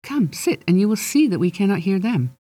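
Reader doing a high eager fairy man, storybook, jumpy, mellow tone, dry recording. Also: big pitch swings, fairly quick, no room sound. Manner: bright, jumpy, overeager. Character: small eager male fairy in disguise. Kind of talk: audiobook narration.

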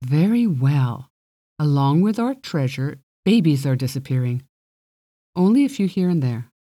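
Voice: medium pitch, sing-song, normal speed, warm tone, no echo, studio quality, lightly acted. A reader voicing a proud, guarded fairy princess who speaks formally and bargains haughtily. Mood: reluctant. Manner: arrogant, formal, evasive.

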